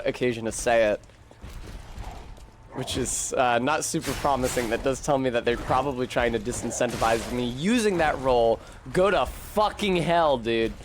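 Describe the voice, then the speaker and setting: A man's voice: medium pitch, slight background noise. A man streaming a video game, giving casual, profane commentary, talking back to the game and to his chat.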